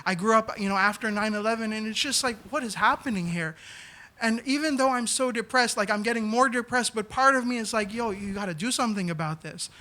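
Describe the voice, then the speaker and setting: A man from New York City tells a comic personal story on a small theater stage. His voice sits high and sounds bright and forward. He is animated and acts out the people he quotes. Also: a little fast. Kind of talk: live comedic storytelling.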